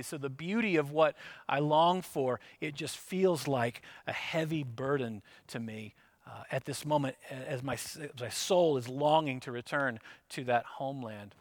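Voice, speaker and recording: A man gives a reflective sermon in a slightly raised voice. He is earnest and unhurried, and he leans into each scripture line. The sound is close and dry, with no room echo. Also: a little high, a bit bright. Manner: reflective, earnest, reads scripture aloud with slow emphasis. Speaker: pastor.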